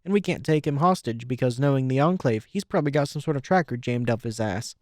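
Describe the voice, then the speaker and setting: A man's voice: mid-range voice, lively intonation, quick pace, no echo, studio quality, lightly acted. A man voicing a cruel, bossy female griffin captain who talks cold and commanding.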